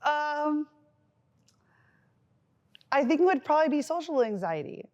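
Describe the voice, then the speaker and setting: A woman's voice: sits high, lively intonation, measured pace, a little mellow, dull audio. A young woman co-hosting a podcast with her mother, rambling through personal stories with frequent giggles. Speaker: podcast co-host. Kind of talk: casual chat.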